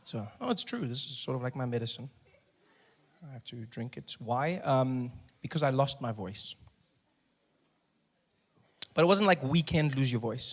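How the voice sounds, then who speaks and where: A man from Africa, telling an animated stand-up story that swings between loud and hushed. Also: medium pitch, unhurried, pauses often. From South Africa. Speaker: comedian. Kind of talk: stand-up comedy.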